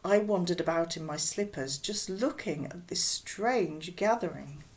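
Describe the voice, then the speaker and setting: Slow, expressive woman storyteller. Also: fairly low pitch. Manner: unhurried, expressive reading. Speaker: audiobook reader. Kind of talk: storybook narration.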